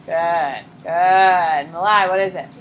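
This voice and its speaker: A woman teaching a high school psychology class, blunt and lively, acting out examples in quoted voices. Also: slow pace, dull audio, slight background noise. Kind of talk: classroom lecture.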